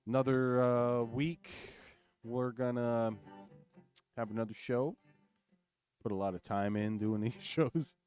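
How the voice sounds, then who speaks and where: A man's voice: medium pitch, fairly even intonation, slow pace, long pauses, darkish tone, soft background music. A man co-hosting a casual podcast in a small studio, rambling and laughing often. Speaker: podcast co-host. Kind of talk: casual chat.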